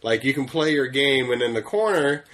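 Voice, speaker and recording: An easygoing man with a mid-range voice co-hosts a podcast. He rambles through his thoughts with plenty of fillers and restarts, relaxed and conversational. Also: medium pitch, normal speed. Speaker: podcast co-host. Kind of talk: casual chat.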